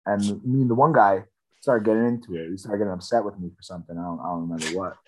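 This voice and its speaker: A man in his twenties chatting casually on a podcast, laid-back, with deadpan jokes and a lot of laughter. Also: low-pitched, rapid-fire, slight background noise. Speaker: podcast co-host. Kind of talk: casual chat.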